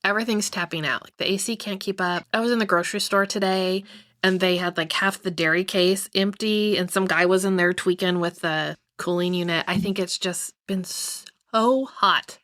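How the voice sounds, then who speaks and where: A woman's voice: lowish voice, fairly even intonation, moderate pace, fairly bright tone, dry recording, clean studio sound. A middle-aged woman co-hosting a podcast, chatting casually and teasingly as she leads the talk. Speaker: podcast co-host. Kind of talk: casual chat.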